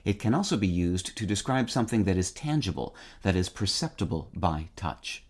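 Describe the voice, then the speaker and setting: A man with a very low voice reads a short dictionary script. His delivery is measured and precise, and he spells out each word letter by letter. He sounds middle-aged and steady. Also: breathy edge. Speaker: word-of-the-day host. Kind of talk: scripted dictionary podcast reading.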